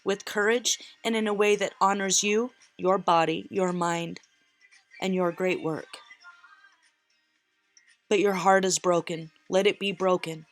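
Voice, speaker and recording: A woman reads tarot in an earnest, emotional way, close to tears and repeating phrases for emphasis. Her fairly low voice is steady and unhurried with frequent pauses, and faint music plays behind her.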